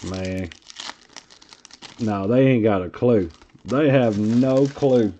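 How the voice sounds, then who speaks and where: Man, Tennessee Southern accent, low voice, laid-back drawling card break host, muffled lo-fi stream sound. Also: takes it slowly, pauses often, noisy background. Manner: laid-back, drawling, reads off player names between banter with chat. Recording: lo-fi stream audio.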